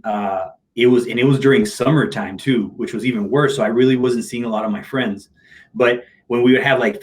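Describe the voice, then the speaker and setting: A middle-aged man talks candidly in an interview, telling personal stories with open emotion and easy slang. His voice sits at an ordinary male pitch, neither deep nor high. He sounds loose and conversational, like a motivational speaker off the stage.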